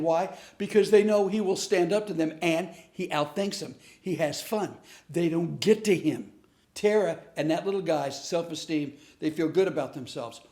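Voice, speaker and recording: A man's voice: high-pitched, roomy sound. A middle-aged man teaching a lesson on bullying through stories, acting out the dialogue as he tells them. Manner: animated storyteller acting out dialogue. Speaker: comedian teaching a class on bullying. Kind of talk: storytelling lesson.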